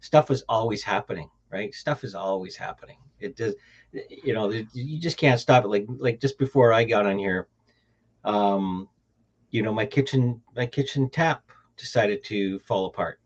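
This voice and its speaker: A Canadian-accented podcast host keeps a casual chat going, rambling through restarts and laughing easily. His voice is lowish and moderately paced, captured on dull, lo-fi audio.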